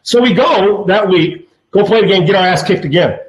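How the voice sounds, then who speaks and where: In a recording with roomy echo, a man in his fifties who used to play football chats and spins stories, profane and animated, constantly tripping into stammered restarts. His voice is high-pitched and his pace moderate.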